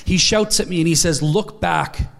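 A man in his thirties preaching a sermon, his voice sitting a little high for a man. He tells personal stories with earnest conviction and acts out the conversations in them. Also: moderate pace. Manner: storytelling, earnest, quotes dialogue in his stories.

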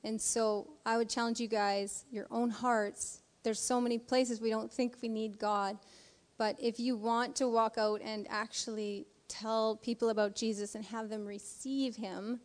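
A woman speaking in a church service, telling a personal story in an animated way and acting out the voices in it. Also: a little high. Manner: animated storytelling with acted quotes. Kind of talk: sermon testimony. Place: church sanctuary. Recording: reverberant church hall.

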